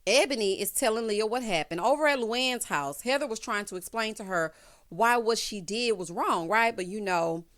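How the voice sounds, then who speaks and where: A woman hosting a casual recap of a reality show, sassy and animated, often calling viewers honey. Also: on the high side, moderate pace.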